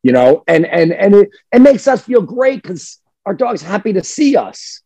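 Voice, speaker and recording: Male dog trainer, husky and a little high, emphatic podcast chatter in a dry room. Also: normal speed, dry recording. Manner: emphatic, animated, acts out dog voices. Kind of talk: casual podcast chat.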